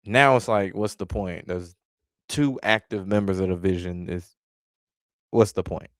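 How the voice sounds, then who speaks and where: Guy with a low smooth voice going off in a casual rant, cussing a lot, super dry sound. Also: unhurried, no room sound. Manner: exasperated, blunt, heavy swearing. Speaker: wrestling commentary vlogger. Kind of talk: casual profane rant reacting to chat.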